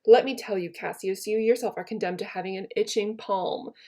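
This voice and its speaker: A woman reading aloud the part of a stern, high-minded Roman conspirator in a plain, unaccented voice. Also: a little fast, mellow, close to an everyday voice. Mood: reproachful. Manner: plain read-aloud of verse, no accent put on.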